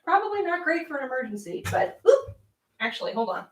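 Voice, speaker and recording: A woman's voice: high voice, sing-song, fairly quick, recorded from a distance. A young woman hosting a casual livestream from a spare room at home, chatty and giggly, laughing often. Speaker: livestream host. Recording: roomy sound, voice away from the mic.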